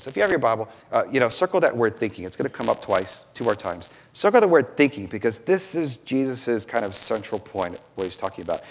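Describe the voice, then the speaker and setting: A man's voice: mid-range voice, fairly quick. A man preaching a sermon, acting out scenes and quoting voices as he teaches from scripture. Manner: animated, acts out biblical scenes with quoted voices. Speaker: pastor.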